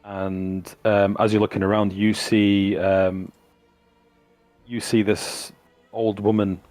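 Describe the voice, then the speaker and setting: A man running a tabletop game as game master, narrating the scene descriptively and halting often with fillers. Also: on the low side, flat delivery, darkish tone, dry recording, soft background music.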